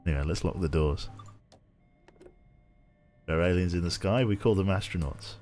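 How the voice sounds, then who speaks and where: A man's voice: sits low, normal speed, pauses often, darkish tone, slight background noise. An English man streaming a train simulator game, joking dryly and reading viewer chat aloud. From England. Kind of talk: casual live-stream chat.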